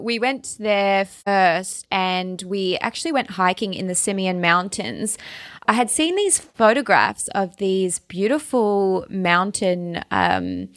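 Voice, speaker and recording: A woman's voice: medium pitch, fairly bright tone, no echo, studio quality. A young Australian woman, a travel blogger, chatting animatedly as an interview guest, with a lot of "like" and "um". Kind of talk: casual interview chat.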